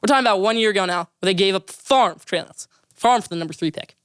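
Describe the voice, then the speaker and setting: Fast-talking emphatic young male sports host. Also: sits high, a bit bright, clean tone, no room sound, clean studio sound. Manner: rapid, emphatic, opinionated, repeats names for emphasis. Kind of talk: solo sports opinion podcast.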